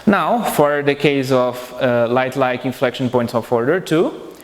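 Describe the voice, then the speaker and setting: A man at mid pitch presents a technical lecture in a university auditorium. He speaks haltingly, filling gaps and often pausing to ask if the audience follows. His voice carries a long reverb from the big hall. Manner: halting, many fillers, keeps checking with "okay?". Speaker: conference speaker. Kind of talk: academic lecture.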